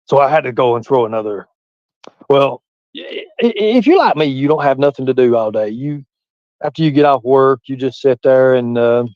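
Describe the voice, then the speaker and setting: A man's voice: mid-range voice, lively intonation, moderate pace, dry recording, dull audio. A man with a Southern US hillbilly accent, rambling and swearing freely on a casual livestream while he reads chat aloud. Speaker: livestream host.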